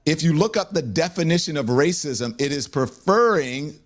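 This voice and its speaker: A man's voice: a little high, brisk. Insistent lecturing TV panelist, a man. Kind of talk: heated panel debate.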